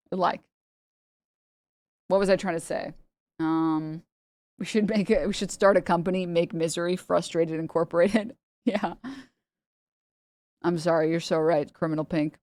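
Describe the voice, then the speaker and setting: A woman's voice: lowish voice, no room sound. A woman livestreamer chatting casually to her chat, rambling and swearing, often laughing and mocking her critics.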